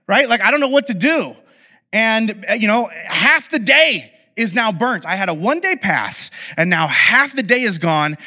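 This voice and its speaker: A man's voice: a little high, sharp tone. A man giving a conversational sermon, telling a humorous story and acting out exasperated inner voices. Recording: echoey hall reverb.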